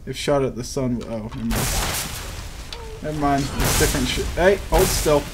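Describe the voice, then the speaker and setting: A man's voice: mid-range voice, moderate pace. Brief: young male gaming host, crude jokey play-by-play, easily annoyed, noisy background. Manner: profane, joking, easily frustrated. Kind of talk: casual gameplay commentary. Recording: audible background noise.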